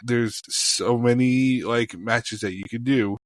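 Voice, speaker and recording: A man's voice: mid-range voice, fairly even intonation, takes it slowly, dry recording. Profane ranting man, dry sound. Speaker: podcast co-host. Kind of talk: casual chat.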